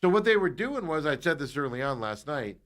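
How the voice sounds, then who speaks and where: Animated, bright-voiced sports radio man. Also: a little high, a little fast. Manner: animated, excitable storytelling. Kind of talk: sports talk radio banter.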